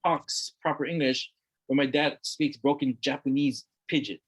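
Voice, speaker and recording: A man's voice: medium pitch, steady tone, normal speed, husky. Earnest man repeating words for emphasis. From Hawaii. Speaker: interview guest. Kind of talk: casual conversation.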